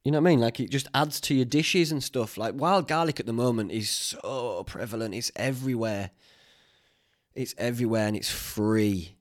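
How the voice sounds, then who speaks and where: A young man with a broad Northern English accent talks in a loose, rambling podcast chat. His voice sits at an ordinary middle pitch, and he drifts between tangents with easy swearing. The close podcast mic keeps it direct and conversational. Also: normal speed. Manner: chatty, swears freely, tangential storytelling. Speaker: podcast host.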